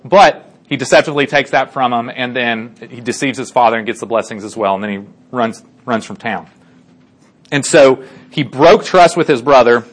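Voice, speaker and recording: A man's voice: mid-range voice, moderate pace. Guy telling a bible story to a group, super casual and chatty, lots of ums. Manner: chatty, lots of fillers and restarts, asks listeners for agreement. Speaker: Bible teacher.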